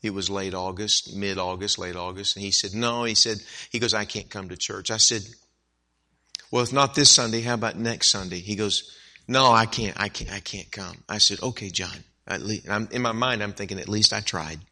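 A male preacher tells a personal story from the pulpit with a bright, forceful voice. He acts out each side of the dialogue, and his voice climbs high for emphasis before dropping back to a plain telling tone. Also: moderate pace. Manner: animated storyteller who acts out dialogue, rising to emphatic peaks. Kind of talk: sermon storytelling.

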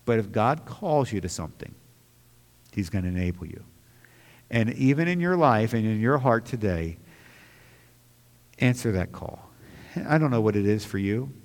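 A man's voice: on the low side, lively intonation, normal speed, long pauses. A man preaching a sermon in an earnest way that rises into impassioned bursts. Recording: long hall reverb.

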